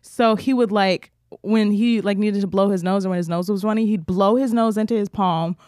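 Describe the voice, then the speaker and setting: A woman's voice: medium pitch, steady tone, normal speed, darkish tone, no room sound, clean studio sound. A young adult woman co-hosting a podcast, telling frank, profane stories in a casual chat. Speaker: podcast co-host.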